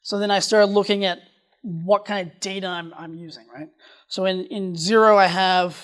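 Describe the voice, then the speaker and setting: A conference speaker giving a technical presentation, talking quickly and often restarting sentences. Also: medium pitch, fairly even intonation, fairly bright tone, smooth.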